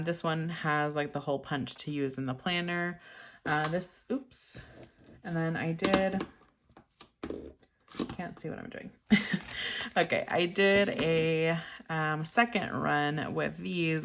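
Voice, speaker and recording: Low-voiced chatty woman vlogger. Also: gravelly, noisy background. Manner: chatty, laughs often, many ums. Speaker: budgeting vlogger. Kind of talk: casual chat to camera. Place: home desk in craft room.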